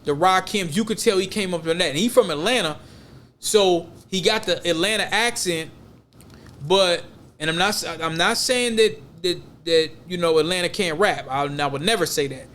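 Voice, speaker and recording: A man's voice: high-pitched, a bit bright. A man co-hosting a podcast, talking in a loose, rambling, emphatic way full of slang. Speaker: podcast co-host. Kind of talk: casual podcast chat.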